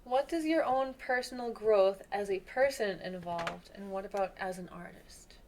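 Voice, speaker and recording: A woman's voice: medium pitch, moderate pace, darkish tone, a little hiss or hum. A woman hosting a podcast from home, chatting enthusiastically in casual conversation, her sentences full of fillers. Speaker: podcast host.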